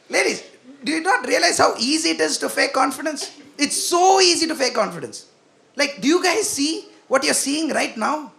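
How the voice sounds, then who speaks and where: A young man performing a self-deprecating stand-up comedy set on a comedy club stage, animated and acting out quoted voices, into a handheld stage mic. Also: very high-pitched, moderate pace, vocal fry, slight background noise.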